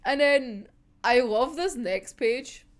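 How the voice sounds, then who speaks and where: A woman's voice: high voice, expressive, slow pace. Gushing, sweary young woman fan. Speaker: manga reviewer. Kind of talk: casual fan commentary.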